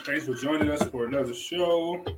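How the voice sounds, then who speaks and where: A man's voice: fairly high pitch, moderate pace, noisy background. A man from Cleveland hosting a podcast in casual chat, laid-back, joking and slangy. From Cleveland, Ohio, USA. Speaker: podcast host.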